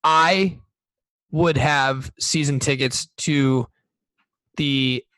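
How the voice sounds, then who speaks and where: A man's voice: mid-range voice, steady tone, extremely slow, a bit bright, no echo. A man co-hosting a podcast, talking in a rambling, hesitant way with many restarts. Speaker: podcast co-host. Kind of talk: casual chat.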